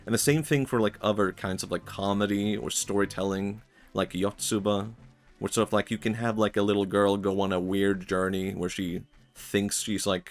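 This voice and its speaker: A man streaming, talking in a rambling, reflective way, full of filler words and frequent laughs. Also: on the low side. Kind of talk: casual stream chat.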